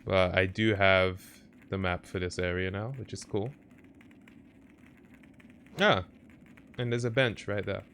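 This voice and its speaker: Young male streamer, laid-back casual commentary, lower voice, noticeable background hiss. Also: unhurried, vocal fry, long pauses. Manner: relaxed, chatty, reacting to chat and the game. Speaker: game streamer. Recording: noisy stream audio with clicks.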